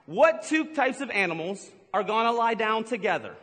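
Playful high-voiced man preaching. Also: lively intonation, fairly bright tone, husky. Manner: playful, teasing the congregation with jokes and quick asides. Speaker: pastor. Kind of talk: humorous sermon. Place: large church hall with a live congregation. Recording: long hall reverb.

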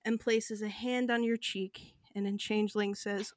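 A woman's voice: medium pitch, level tone, a little slow, no room sound. Woman narrating a tabletop game, dry. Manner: vivid, descriptive narration with fillers. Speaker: game master.

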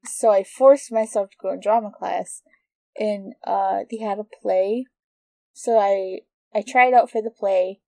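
A woman's voice: medium pitch, steady tone, unhurried, creaky, darkish tone, dry recording. A young woman co-hosting a podcast, telling a rambling story in casual chat with frequent giggles. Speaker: podcast co-host.

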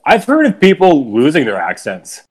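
A man's voice: on the high side, wildly swooping pitch, normal speed. Laid-back young Canadian man. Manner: laid-back, lots of "like" fillers, teasing. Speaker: podcast co-host. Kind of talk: casual chat.

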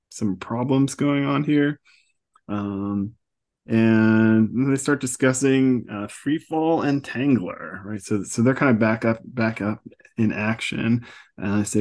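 A man's voice: fairly low pitch, takes it slowly, darkish tone. A man hosting a podcast, casually recapping a comic book with fillers and chuckles. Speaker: podcast host.

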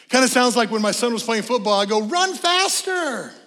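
A middle-aged man, a pastor giving a sermon, who talks in an animated way, sometimes rising to shouts and sometimes slipping in joking asides. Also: high-pitched, a little fast, in a large hall. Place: church sanctuary.

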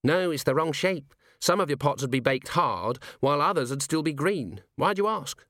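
A man's voice: a little high, lively intonation, normal speed, fairly bright tone, no echo, voice pushed up. A man voicing a timid young dwarf woman. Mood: nervous. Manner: timid, quavering. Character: nervous young female dwarf watch officer. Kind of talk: audiobook character voice. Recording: dry close studio sound.

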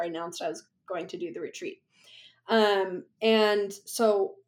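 A young woman talking as a podcast guest in a chatty, rambling way, laughing often. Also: fairly high pitch. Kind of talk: casual conversation.

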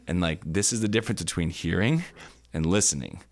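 Man, very low voice, church podcast co-host, earnest, rambling conversational teaching. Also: fast, gravelly. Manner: earnest, searching for words with many fillers. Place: indoor podcast studio.

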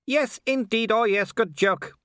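A man's voice: sits high, measured pace, fairly bright tone, clean tone, no room sound, clean studio sound, pitched above the performer's own voice. A man voicing a mocking young male werewolf aristocrat in an audiobook, taunting and sneering.

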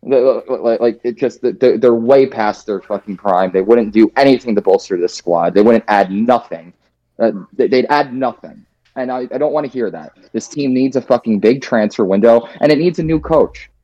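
Hungover podcast host, sweary and fed up; dark voice, dull lo-fi audio. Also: male voice, medium pitch, normal speed, no echo. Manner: frustrated, profane ranting. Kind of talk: casual chat. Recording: dull lo-fi sound.

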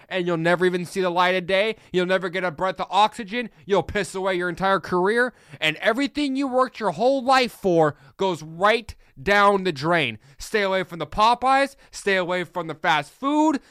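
A man's voice: high-pitched, a bit bright, smooth, no room sound. A man hosting a solo sports podcast, fired up and blunt, ranting with preachy repeated lines into a close mic. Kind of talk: opinionated solo podcast rant.

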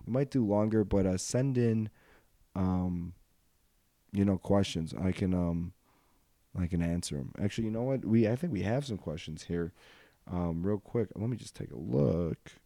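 Low, mellow-voiced rambling male podcaster. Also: moderate pace, vocal fry, no echo, clean studio sound. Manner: casual, rambling, many ums and uhs. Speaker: podcast host. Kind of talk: rambling solo podcast chat.

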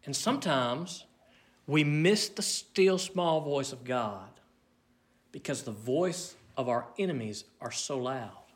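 A man preaching a sermon, earnest and measured, swinging between loud emphasis and near hush. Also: medium pitch, expressive.

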